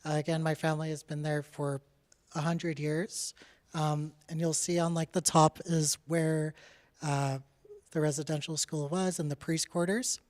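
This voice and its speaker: A young adult artist from Canada talks through their own work in a loose, candid presentation. The delivery is chatty and full of "like" and "uh", with a laugh slipping in from time to time, and the pitch sits at a middle level. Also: little pitch movement, measured pace, darkish tone. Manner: candid and chatty, with frequent "like" and "uh" fillers; laughs now and then while speaking. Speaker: artist giving a talk. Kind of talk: casual presentation about their artwork.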